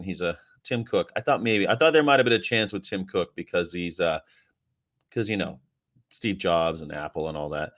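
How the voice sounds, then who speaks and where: A man hosting a casual livestream, chatting and reading out history items in a rambling, profane way. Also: low-pitched. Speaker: host.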